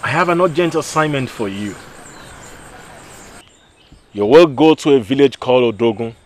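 A man playing a divine voice that calmly commands a man to take up a mission. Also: medium pitch, moderate pace, close to an everyday voice. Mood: commanding. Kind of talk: film drama dialogue.

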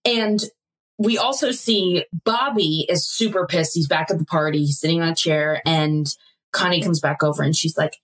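A woman's voice: low voice, normal speed, husky. A woman co-hosting a podcast, animatedly retelling an episode with laughs and acted-out quotes. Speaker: podcast co-host. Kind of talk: casual recap chat.

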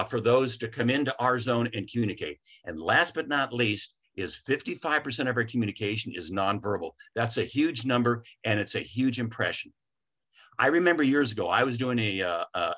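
A middle-aged man leads a customer service training session in a bright, forward voice. He tells folksy stories and stops often to restart his sentences. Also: mid-range voice. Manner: folksy, storytelling, many fillers and restarts. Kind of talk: seminar talk with anecdotes. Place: presentation to a chamber of commerce audience.

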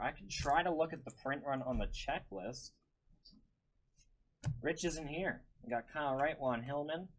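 A man's voice: mid-range voice, slight background noise, poor audio. A man hosting a live-streamed card break, calling out each card and chatting with viewers by name.

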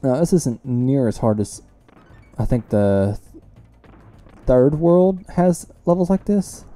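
Casual let's-play host, young man, warm dark tone, self-deprecating banter over soft game music. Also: medium pitch, lively intonation, slow. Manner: chatty, self-mocking, reacts loudly to close calls. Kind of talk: casual gameplay commentary.

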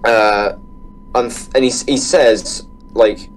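A man's voice: mid-range voice, takes it slowly, a little hiss or hum, rough recording. Eager teen boy on a podcast. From England. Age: teens. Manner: eager, giggly, fillers and restarts. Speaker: podcast guest. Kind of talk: casual podcast chat.

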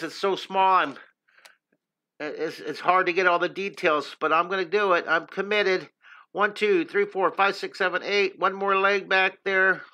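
A man's voice: high voice, bright, forceful tone. Upbeat man teaching drawing live. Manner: upbeat, encouraging, chatty with viewers. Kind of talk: live-streamed drawing lesson.

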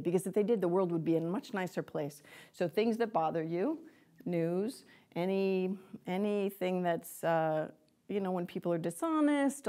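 A woman delivers a lecture to a live audience, chatty and animated in tone. She speaks as a psychic medium and addresses her listeners directly, often breaking into laughter. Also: medium pitch.

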